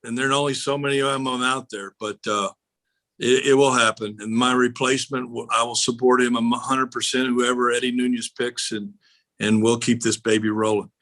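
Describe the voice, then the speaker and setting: A man's voice: medium pitch, flat delivery, normal speed, fairly bright tone. An older man, a retiring baseball coach as a podcast guest, talking in a blunt, folksy and fired-up way. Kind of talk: casual interview.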